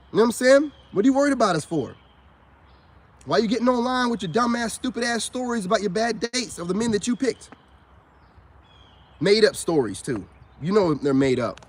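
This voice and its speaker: A man ranting in a combative vlog monologue. He repeats himself and keeps dropping "you know what I'm saying.". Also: high-pitched. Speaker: vlogger.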